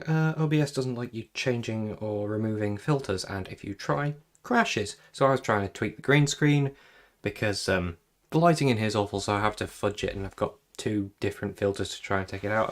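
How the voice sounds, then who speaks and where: A man's voice: lowish voice, brisk. A man chatting casually while drawing on a live stream, rambling through self-deprecating asides about tech trouble into a desk microphone in a small home room. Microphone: desk microphone plugged into computer.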